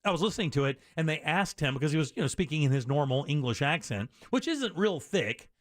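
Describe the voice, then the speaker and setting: Male podcast host, slightly higher voice, dry close mic, rambling chatty delivery. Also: fast, no room sound. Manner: animated, rambling storyteller. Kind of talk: casual podcast chat.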